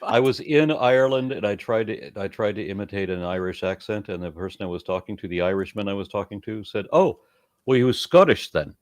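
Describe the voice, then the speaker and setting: A man hosting a panel chat, reading viewer comments in a relaxed way with stumbling restarts. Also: on the low side, fast talker, hardly any pauses, no echo.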